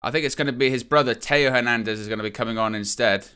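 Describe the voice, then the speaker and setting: Bright, clear-voiced man commentating live. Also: medium pitch, fast talker. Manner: casual running commentary with fillers. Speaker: fan channel host. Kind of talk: live match commentary stream.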